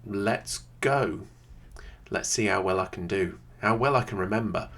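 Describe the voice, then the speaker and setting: Chatty, slightly low-voiced man. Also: unhurried, fairly bright tone. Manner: thinks aloud, chatty, many "um"s. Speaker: video creator playing a geography game. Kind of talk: casual gameplay commentary. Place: quiet home room with a computer under the desk.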